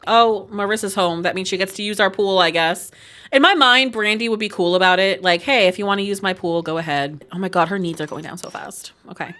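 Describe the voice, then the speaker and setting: A young woman giving casual let's-play commentary, chatty and quick to laugh, with lots of asides. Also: mid-range voice, pushed and bright. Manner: chatty, laughs often, many "like" and "oh my God" asides. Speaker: gaming YouTuber.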